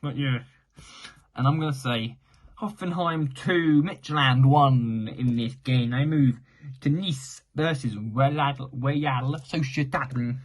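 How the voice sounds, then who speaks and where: A man's voice: mid-range voice, slow pace. A man giving casual, unscripted football predictions, rambling, correcting himself and repeating phrases as he goes. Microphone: mic for home recording.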